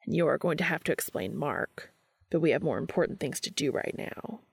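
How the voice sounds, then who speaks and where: A woman reading a fan fiction audiobook, voicing a calm, intense adult man with a deep, gravelly voice and a low, measured delivery. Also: no room sound, heavily acted. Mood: teasing.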